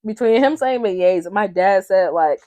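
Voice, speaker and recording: A young woman from Atlanta, talking as a guest in a casual chat. She tells her stories with lots of energy and slips into the voices of her family members. Her voice sits at a middle pitch. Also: lively intonation, moderate pace, warm tone, muffled recording. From Atlanta, Georgia. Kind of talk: casual storytelling.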